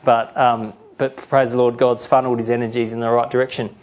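A man's voice: mid-range voice, flat delivery, brisk, a little mellow. Earnest man preaching a sermon. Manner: earnest preaching, acts out quoted voices. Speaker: pastor.

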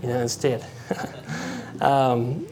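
A man giving an informal sermon in a halting, conversational way, often restarting his words and acting out quotes. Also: medium pitch, fairly even intonation, warm tone, a little hiss or hum. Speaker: preacher.

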